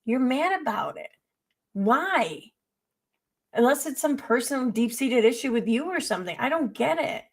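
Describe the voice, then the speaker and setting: Blunt gravelly woman streamer. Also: fairly high pitch, expressive, moderate pace. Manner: blunt, profane, sarcastic, rambling. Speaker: commentary streamer. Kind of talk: casual reaction commentary.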